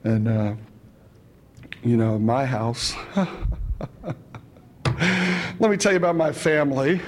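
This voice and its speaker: A man's voice: medium pitch, takes it slowly, pauses often, darkish tone, a little hiss or hum. A man telling his recovery story at a meeting in a chatty, humorous way, often adding "you know" and chuckling. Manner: chatty, fills with "you know" and "right", chuckles between lines.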